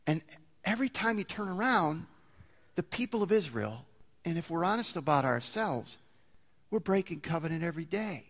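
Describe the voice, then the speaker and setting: A man in the pulpit, talking his listeners through the point with many restarts and rising emphasis. His voice sits fairly high and sounds bright and forceful. A long reverb from a large hall trails behind every phrase. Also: big pitch swings, normal speed. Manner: conversational, builds to emphatic peaks with many restarts. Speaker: pastor. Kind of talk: sermon.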